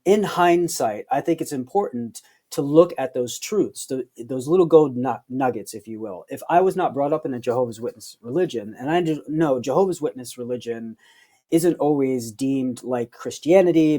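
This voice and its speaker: A man's voice: mid-range voice, expressive, normal speed, warm tone. A man, a psychologist guest on a podcast, explaining his views in a thoughtful, reflective way. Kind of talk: conversational interview.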